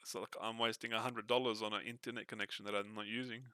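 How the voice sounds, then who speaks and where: Streamer, middle-aged, salty and animated, bright tone, close dry mic. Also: male voice, on the low side, fast, smooth, dry recording. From Australia. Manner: animated, swearing, repeats and restarts words. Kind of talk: casual chat.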